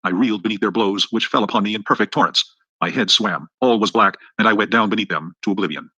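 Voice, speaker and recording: A man reading an adventure novel aloud as an audiobook narrator, with brisk, even storytelling. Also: fairly low pitch, husky, no room sound, rough recording. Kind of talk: scripted narration.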